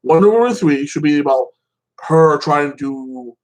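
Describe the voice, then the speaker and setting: A man's voice: a little high, animated, measured pace, a little mellow, low-quality recording. A man hosting a casual solo commentary show, rambling with many fillers and restarts. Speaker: channel host.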